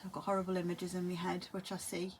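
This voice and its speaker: A grieving, tearful woman talks to camera in a halting way, often trailing off and repeating herself. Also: fairly low pitch, completely flat delivery, a little mellow, a little hiss or hum. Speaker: vlogger. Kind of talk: emotional monologue to camera.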